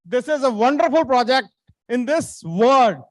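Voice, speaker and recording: Man hosting an event, very high voice, bubbly, dry close sound. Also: lively intonation, measured pace, no echo. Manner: enthusiastic, switching between English and Hindi. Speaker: event host.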